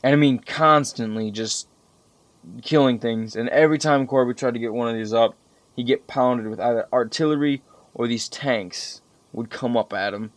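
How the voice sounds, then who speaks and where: A young gameplay commentator talks casually over strategy game footage, swearing freely and rambling, and he gets animated when recalling frustrating moments. His voice sits at a medium pitch with a moderate pace and no echo.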